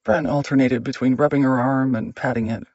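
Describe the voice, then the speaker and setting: A man narrating an audiobook in a measured, steady reading. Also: mid-range voice, no room sound, lo-fi sound.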